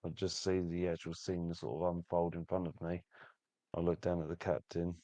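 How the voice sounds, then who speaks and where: A man playing a tabletop game, calmly describing what his character does. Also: deep voice, normal speed, dry recording. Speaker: player. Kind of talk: casual tabletop game play.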